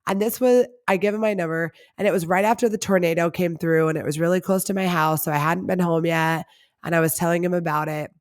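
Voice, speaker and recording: A woman's voice: on the low side, fairly even intonation, fast. A woman hosting her own podcast, telling a personal story in a candid, confessional way with lots of casual filler words. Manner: chatty and confessional, heavy use of "like". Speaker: podcast host.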